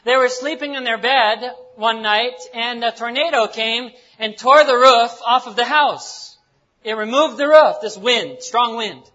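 Man preaching, high and bright voice, folksy and joking, dull lo-fi sound. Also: measured pace. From United States. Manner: folksy, joking, repeats phrases, speaks simply to a foreign congregation. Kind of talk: sermon with jokes and Bible reading.

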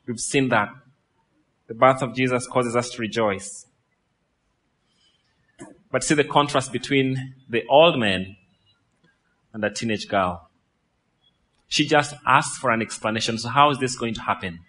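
A man preaching a sermon as pastor, lively and full of questions to the congregation, while his voice is wearing out. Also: medium pitch, unhurried, long pauses. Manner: lively, asks the crowd questions, laughs. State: losing his voice.

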